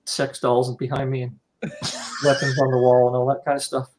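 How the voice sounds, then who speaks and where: A man's voice: medium pitch, completely flat delivery, moderate pace, noisy background. An American man hosting a casual podcast interview, rambling, encouraging and joking with his guest. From United States. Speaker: podcast host.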